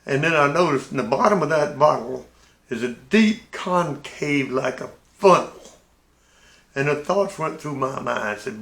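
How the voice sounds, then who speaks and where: Older guy spinning a yarn, kinda gravelly, bit high voice, folksy and lively, echoey room. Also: measured pace. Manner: folksy, animated storytelling with restarts. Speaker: navy veteran storyteller. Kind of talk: casual spoken anecdote.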